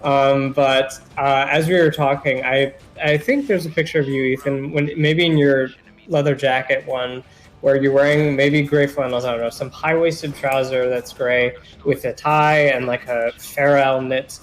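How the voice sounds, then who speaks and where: A man's voice: mid-range voice, a little slow, poor audio. Young man meandering in casual chat. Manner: relaxed, meandering, frequent "like". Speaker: podcast co-host.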